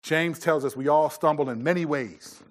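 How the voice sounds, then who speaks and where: Middle-aged man preaching, fairly high voice. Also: moderate pace. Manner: conversational, with many fillers and restarts. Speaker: pastor. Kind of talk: sermon.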